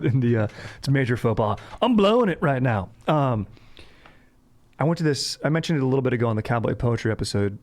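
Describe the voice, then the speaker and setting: A young man with a fairly low voice, talking loosely and slangily as a podcast host. He riffs in casual chat and keeps dropping "dude" into his sentences. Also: darkish tone. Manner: laid-back slangy, says "dude" a lot.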